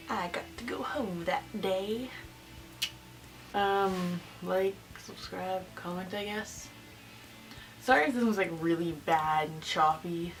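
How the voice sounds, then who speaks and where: Teen girl vlogger, chatty and giggly, full of fillers; distant camera mic with soft music. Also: on the low side. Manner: rambling, giggly, lots of fillers. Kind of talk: casual storytelling.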